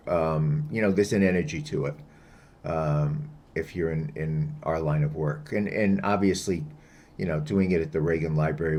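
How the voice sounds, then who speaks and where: Deep-voiced man with wry jokes. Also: darkish tone, breathy edge. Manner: wry, joking asides. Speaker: podcast co-host. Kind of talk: casual political chat.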